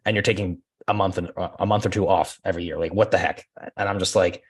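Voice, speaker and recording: A man with a fairly low voice and a brisk, fast pace tells stories in a relaxed podcast chat. He laughs easily and switches into animated voices when he acts out phone calls. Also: slightly rough. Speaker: guest, former real estate agent. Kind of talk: casual podcast conversation.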